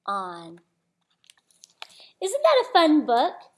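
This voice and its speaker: A woman reading a children's picture book aloud in a lively, unhurried way, often dropping to a hush. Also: high voice. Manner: animated, slow, dropping to whispers at refrains. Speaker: storybook reader.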